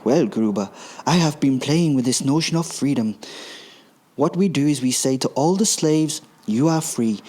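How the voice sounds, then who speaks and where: A man voices Hans, a smug, scheming tycoon explaining his plan. His medium-pitched, slightly mellow voice has lively intonation and a moderate pace, pitched a bit above his own yet close to an everyday voice.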